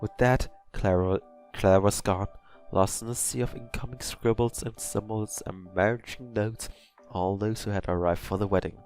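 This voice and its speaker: A man reading a fan story aloud in first person, softly and with small slips and self-corrections. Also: on the low side, steady tone, moderate pace, smooth, dry recording, soft background music. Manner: soft, hesitant narration with slips. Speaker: story reader.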